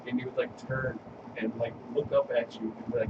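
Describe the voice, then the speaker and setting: Halting man telling a story on a noisy mic. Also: mid-range voice, little pitch movement. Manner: halting, repeats himself. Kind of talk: casual storytelling. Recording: distant, dull mic with loud noise.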